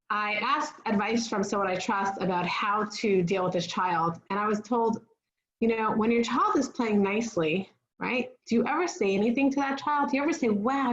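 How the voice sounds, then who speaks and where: A woman's voice: mid-range voice, echoey room, highs cut off. Earnest woman giving a parenting talk. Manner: earnest and instructive, often asks "right?". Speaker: parenting speaker.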